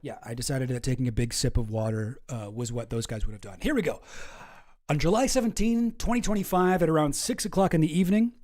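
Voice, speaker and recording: A man's voice: fairly high pitch, quick pace, darkish tone. A young man hosting a casual commentary stream, rambling and swearing as he talks through a news article. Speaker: streamer host.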